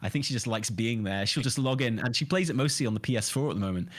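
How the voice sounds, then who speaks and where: A man's voice: medium pitch, quick pace. A man talking casually as a podcast guest, joking and rambling with laughs. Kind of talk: casual chat.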